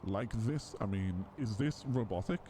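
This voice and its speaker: Streamer doing a low, warm story narrator, measured and lively in pitch. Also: male voice, a little hiss or hum. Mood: explaining. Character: deep calm male storyteller narrator.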